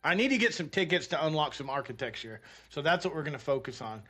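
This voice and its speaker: A man talks through his game session in a loose, rambling way, cursing casually and muttering to himself as he checks what to build. His voice sits a little higher than most men's. Soft music plays faintly underneath. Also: big pitch swings, fast. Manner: rambling, profane, talks to himself while playing. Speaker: gaming streamer. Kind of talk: casual gameplay commentary.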